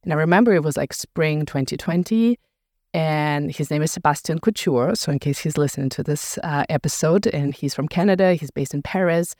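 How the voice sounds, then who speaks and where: A woman, a podcast founder interviewed on her own show, telling her story in a relaxed, reflective way with frequent "like" fillers. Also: low-pitched, fairly quick, dry recording, clean studio sound. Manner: reflective storyteller, fills speech with "like". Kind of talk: casual conversational interview.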